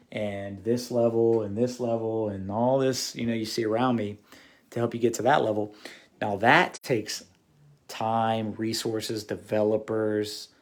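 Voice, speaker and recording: A man hosting a casual livestream, talking earnestly to his viewers with many fillers and restarts. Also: fairly low pitch. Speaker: host of a phone-flipping channel.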